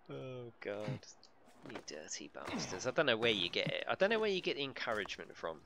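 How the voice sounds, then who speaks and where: A man's voice: mid-range voice, huge pitch swings, fast, vocal fry, noisy background. Chatty man streaming a game. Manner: chatty, swears freely, laughs often. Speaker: gaming livestreamer. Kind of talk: casual live gameplay commentary.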